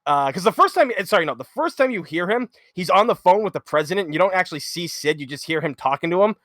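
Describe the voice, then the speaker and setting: A man co-hosting a charity stream, chatting casually and telling stories in a loud, animated way. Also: sits high, fast talker, no room sound, clean studio sound. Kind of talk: casual chat.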